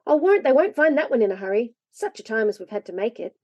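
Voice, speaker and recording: A woman voicing a practical older brother who speaks calmly and reassuringly. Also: on the high side, fast, dry recording, lo-fi sound.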